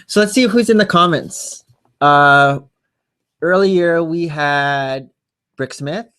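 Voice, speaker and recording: A man's voice: fairly high pitch, slow pace, clear, resonant tone. A man in his thirties with a Canadian accent, co-hosting a live stream in a casual, chatty way. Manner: chatty, relaxed, reads out comments.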